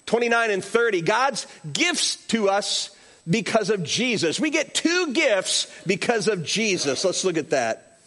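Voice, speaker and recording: A man's voice: high-pitched, measured pace. A middle-aged male pastor preaching a sermon, telling stories with acted-out quotes. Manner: animated storytelling with acted-out quotes.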